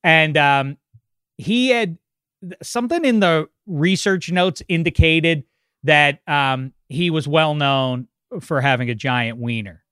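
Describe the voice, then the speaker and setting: A man co-hosting a podcast, telling a funny story in a quick, joking way. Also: a little high, fairly bright tone, clear, resonant tone, dry recording, clean studio sound. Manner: quick, joking, breaks into laughter. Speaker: podcast co-host. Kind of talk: casual chat.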